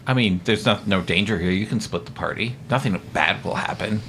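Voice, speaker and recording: A man's voice: on the low side, fairly quick, a bit bright, slight background noise. A man playing a tabletop game, making dry, wry remarks. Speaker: player.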